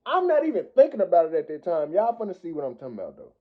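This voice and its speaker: A young man telling a personal story in casual, profane slang that jumps loud and high as he retells it. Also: huge pitch swings, rapid-fire. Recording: tinny phone-like audio.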